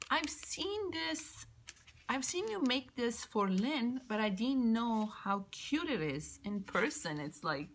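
Gushing woman crafter, lively high voice. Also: a little hiss or hum. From Canada. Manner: gushing, excitable, keeps exclaiming how cute things are; drops into soft whispers now and then. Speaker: craft vlogger opening mail. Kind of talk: casual show-and-tell unboxing.

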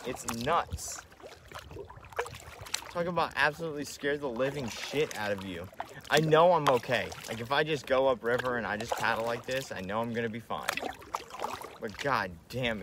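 A young man talking casually on a live stream from a kayak on a river, slangy, swearing and excitable. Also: medium pitch. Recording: loud outdoor wind and water noise.

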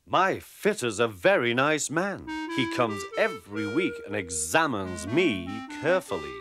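A man's voice: mid-range voice, sing-song, unhurried. A man voicing a fussy, self-important female diesel railcar in a children's storybook. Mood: haughty. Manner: prim, complaining, self-important. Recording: background music.

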